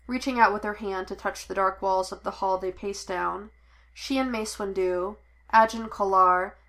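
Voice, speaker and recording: Woman narrator, audiobook reading, bright tone, measured delivery. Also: medium pitch. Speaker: podfic reader. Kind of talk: storybook narration.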